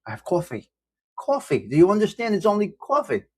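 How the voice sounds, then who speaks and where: A man's voice: high-pitched, wildly swooping pitch, fairly quick, breathy edge. A man hosting a casual live-stream coffee chat, rambling and self-deprecating as he greets viewers by name. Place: indoors at home.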